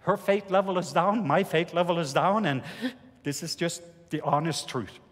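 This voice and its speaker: A man with a Norwegian accent preaching a sermon, telling a personal testimony in an earnest, halting way with many restarts. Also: fairly high pitch. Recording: reverberant hall.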